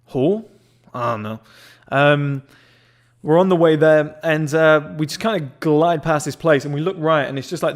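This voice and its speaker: A young man telling a rambling, excited story in casual chat, swearing often and filling with "like" and "whatever". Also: fairly high pitch. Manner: excitable, swears a lot, rambling with many fillers. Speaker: members club founder telling a story.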